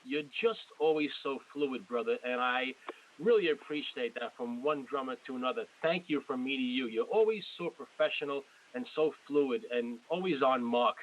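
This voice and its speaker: A man's voice: mid-range voice, normal speed, lo-fi sound, a little hiss or hum. A man in his forties hosting an interview, effusive and rambling, often repeating himself. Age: 40s. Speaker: podcast host. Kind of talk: casual interview.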